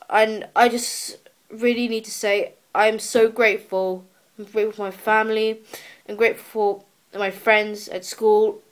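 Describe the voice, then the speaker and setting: A woman's voice: medium pitch, flat delivery. Earnest teen girl vlogging. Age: teenager. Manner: earnest and emotional, pleading, often pausing and restarting. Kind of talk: personal video diary. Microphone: handheld camera.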